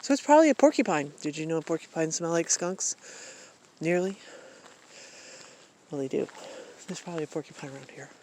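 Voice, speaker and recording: Out in the woods, a middle-aged woman from Maine, USA, vlogs in a reflective yet hesitant monologue, restarting often and saying um a lot. Her low, darkish voice is very animated and brisk, broken by long pauses, with slight hiss or hum.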